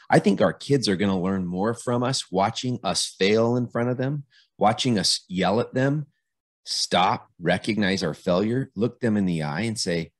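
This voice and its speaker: A man's voice: lowish voice, moderate pace. A middle-aged man speaking as a podcast guest in an earnest conversational interview, often repeating words as he starts a phrase. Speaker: podcast guest, police officer.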